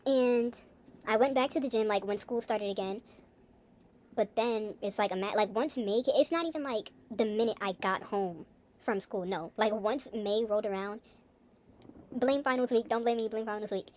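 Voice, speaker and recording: A woman's voice: fairly high pitch, normal speed, pauses often, a little mellow, a little hiss or hum. A young woman talking in a casual, rambling video diary, full of fillers and asides. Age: young adult. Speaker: vlogger.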